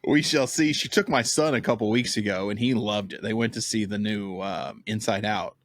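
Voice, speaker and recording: A man in his thirties with a fairly low voice hosts a casual podcast chat. He tells stories in an easygoing, talkative way and laughs along. The sound is dry and close, with no room echo. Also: normal speed. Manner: chatty, storytelling, laughs often. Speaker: podcast host.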